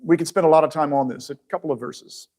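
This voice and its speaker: A man teaching from the Bible in a relaxed, conversational way, speaking to people watching at home. His voice sits a little higher than most men's. He poses questions to his listeners and often breaks off to rephrase mid-sentence. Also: quick pace. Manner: chatty, asks the audience questions, restarts mid-phrase.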